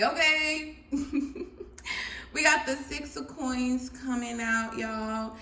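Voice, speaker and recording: An animated woman talks viewers through a tarot reading in a fairly high, bright voice. She laughs easily and swings between loud bursts and low asides. The sound carries a noticeable room echo. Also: very slow. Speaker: tarot reader. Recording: echoey room.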